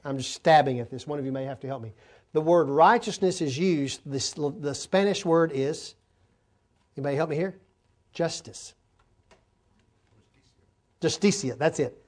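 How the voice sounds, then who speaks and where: Higher-voiced man preaching a sermon. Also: moderate pace. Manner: explanatory, talks to congregation, asks them for help. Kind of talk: sermon teaching.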